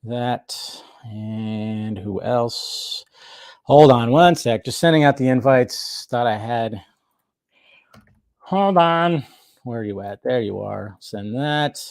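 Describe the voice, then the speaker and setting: A man's voice: mid-range voice, slow, dry recording, studio quality. A man hosting a casual live stream, chatting and thinking aloud while he sets things up. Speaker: stream host.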